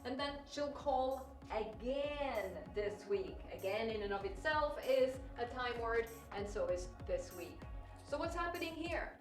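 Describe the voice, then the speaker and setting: A woman's voice: a little high, expressive, measured pace, reverberant, recorded from a distance, faint music behind. A woman test prep teacher walking through example sentences step by step and asking the viewer questions. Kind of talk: recorded lesson walkthrough.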